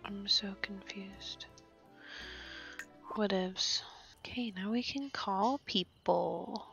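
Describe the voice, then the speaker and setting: A woman's voice: medium pitch, extremely slow, gravelly, fairly bright tone, lo-fi sound, soft background music. A young woman casually commenting while playing a life-simulation game, often whispering and amused. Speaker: gaming channel host. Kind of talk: casual let's-play commentary.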